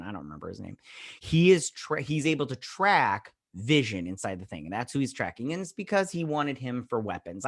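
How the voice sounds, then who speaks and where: A man's voice: on the low side, fairly bright tone, no room sound, studio quality. A man casually recapping a TV episode as a reviewer, rambling and retelling scenes with "I was like". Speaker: show reviewer.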